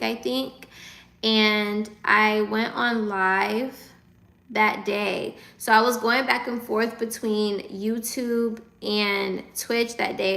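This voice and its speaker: A woman's voice: medium pitch, vocal fry, a bit bright. A woman in her twenties chatting casually on a livestream from her phone, reading out viewer comments and answering them. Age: 20s.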